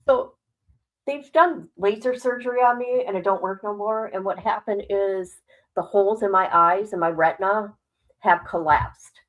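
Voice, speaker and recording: An older woman talks straight to her stream viewers in loose, rambling chat, her voice at a middling pitch. She swears without a second thought and sounds worried, yet keeps laughing it off. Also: moderate pace, dull audio. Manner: candid, rambling, swears freely. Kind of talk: casual livestream chat.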